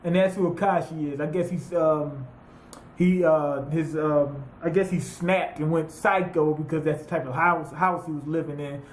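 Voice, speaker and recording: Male anime reviewer, high voice, loose profane recap, roomy echo. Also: normal speed, slight background noise. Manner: profane, rambling, animated retelling with quoted voices. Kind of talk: casual recap monologue.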